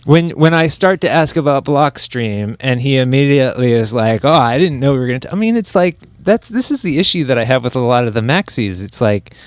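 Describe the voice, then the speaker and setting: A man's voice: mid-range voice, animated, fairly quick, few pauses, no room sound. A man co-hosting a podcast in casual chat, rambling and restarting sentences with a wry, self-mocking edge. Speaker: podcast co-host.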